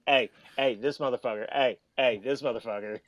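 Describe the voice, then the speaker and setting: A man imitating a loud brash gym-teacher pal. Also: mid-range voice, fairly even intonation, a little fast, no echo, lightly acted. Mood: rowdy. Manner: brash, repetitive, emphatic. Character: loud male PE teacher buddy.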